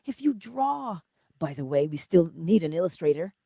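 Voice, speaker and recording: Middle-aged woman host, low husky voice, chatty live-stream storyteller who slips into whispers, dry close sound. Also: very animated, normal speed, no room sound. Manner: chatty storytelling, drifts into soft whispers, laughs often. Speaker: host of a morning livestream. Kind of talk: casual spiritual chat to live viewers.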